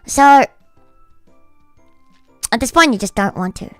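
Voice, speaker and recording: Woman streamer, higher voice, dry close sound, swears freely while ranting, faint music underneath. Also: lively intonation, takes it slowly, dry recording. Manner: blunt, profane, ranting storyteller. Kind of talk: casual livestream chat.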